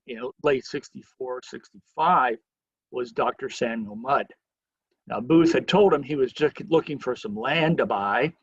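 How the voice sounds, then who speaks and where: A man giving a history lecture as a museum educator, telling events as a lively story and acting out quoted lines. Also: mid-range voice, breathy edge, no room sound, dull audio.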